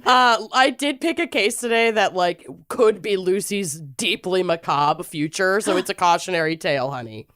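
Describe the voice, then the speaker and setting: A woman co-hosting a podcast, giggly and excitable, swearing playfully. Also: lowish voice, moderate pace, few pauses. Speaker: podcast co-host. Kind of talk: casual chat.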